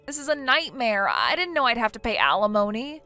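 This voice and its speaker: A woman voicing a defensive, self-pitying young wife in a text story, in a somewhat high voice. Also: very animated, fairly quick, pushed and bright, soft background music. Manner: whiny, defensive.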